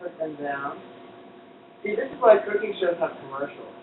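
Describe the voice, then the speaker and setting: A man's voice: fairly high pitch, expressive, moderate pace. A man hosting a casual cooking show, chatty and playful, joking as he cooks in a kitchen. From United States. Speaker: host cooking on a live stream. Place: kitchen indoors. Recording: distant echoey lo-fi phone-like live stream with noise.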